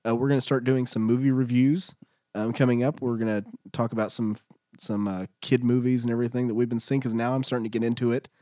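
A chatty man co-hosting a podcast, telling everyday stories with easy humor. His voice is mid-pitched and recorded dry and close to the mic. He talks loosely and playfully. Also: steady tone, quick pace, warm tone, dry recording. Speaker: podcast co-host. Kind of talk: casual podcast banter.

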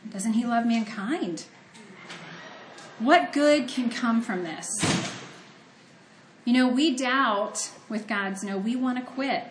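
A woman's voice: a little high, takes it slowly, long pauses, reverberant, slight background noise. A woman from Ohio giving a conversational, earnest sermon that mixes scripture reading with personal storytelling. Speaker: preacher.

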